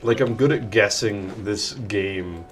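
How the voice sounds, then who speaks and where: A man's voice: fairly low pitch, slow pace, faint music behind. Joking young man commentating gameplay. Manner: joking, slangy. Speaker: gaming streamer.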